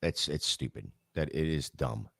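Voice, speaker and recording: A man's voice: very deep voice, normal speed, creaky, fairly bright tone, no room sound, studio quality. A man chatting casually on a podcast call, hesitant, repeating himself and trailing off.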